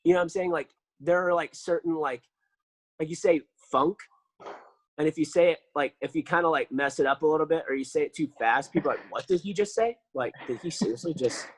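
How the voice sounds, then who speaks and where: A man's voice: a little high, a little fast, dry recording, poor audio. A man, a podcast guest telling casual stories full of fillers. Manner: animated storyteller, lots of fillers.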